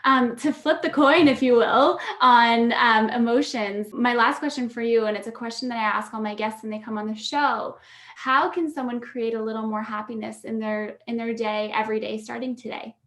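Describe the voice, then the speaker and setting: A woman hosts a casual interview podcast, her voice sitting on the higher side. She talks in an affirming, loose way, leaning on ums and you-knows. The sound carries a noticeable room echo. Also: fairly even intonation, normal speed, a bit bright. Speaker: podcast host. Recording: echoey room.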